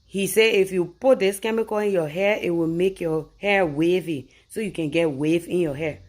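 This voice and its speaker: A woman from Liberia with a Liberian English accent, telling a comic story about her boyfriend and arguing her side with rising force. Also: normal speed. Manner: animated, rising loud and high when arguing her point. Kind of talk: comic anecdote told to camera.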